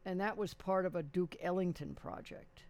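A man's voice: high voice, normal speed, darkish tone. A man hosting a radio show, chatting casually with a caller and rambling through details with many fillers. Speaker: radio host. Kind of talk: casual on-air chat with a caller.

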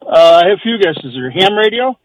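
A man calling in to a radio quiz, giving quick, confident answers. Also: high-pitched, lively intonation, no room sound, dull audio. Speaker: caller.

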